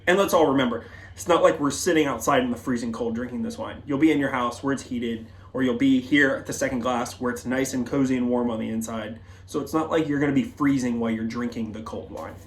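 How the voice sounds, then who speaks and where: A man's voice: mid-range voice, fairly even intonation, quick pace. A man hosting a casual wine tasting in a wine bar, chatty and loose with lots of fillers and asides.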